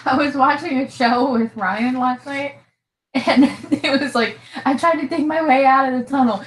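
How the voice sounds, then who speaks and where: A woman's voice: sits high, normal speed. A woman friend on a casual chat show, teasing and laughing a lot. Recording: roomy with faint noise.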